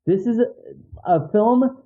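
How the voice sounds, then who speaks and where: A man talks in a rambling, eager way on a thin, tinny line. His voice sits a bit high for a man, and he keeps piling on filler words as he goes. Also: takes it slowly. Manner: rambling, enthusiastic. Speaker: podcast guest, filmmaker. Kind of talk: casual chat.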